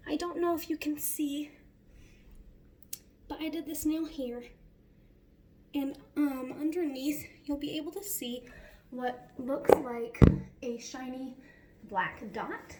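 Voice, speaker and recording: A woman's voice: high voice, takes it slowly, pauses often, a little mellow, slight background noise. A woman dog groomer giving a casual how-to tutorial at home, chatty, laughing often and cooing to her dog. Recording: roomy sound from a distant mic.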